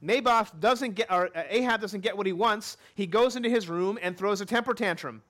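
A man's voice: sits high, a little fast, a bit bright. A man in his thirties, a father of a young child, preaching an expository sermon and repeating his key lines for emphasis. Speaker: pastor.

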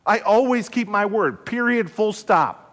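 A steadfast God speaks plainly and emphatically, waving off excuses before landing firmly, as a preacher puts him on. The voice is high and pressed. The long reverb of a large hall hangs on each phrase. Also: male voice, measured pace, a bit bright. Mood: emphatic. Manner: emphatic, dismissive then firm.

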